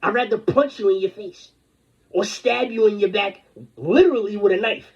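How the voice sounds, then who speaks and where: A man's voice: sits high, moderate pace, husky. A man delivering an angry, rambling, confrontational rant full of profanity. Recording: dull lo-fi recording.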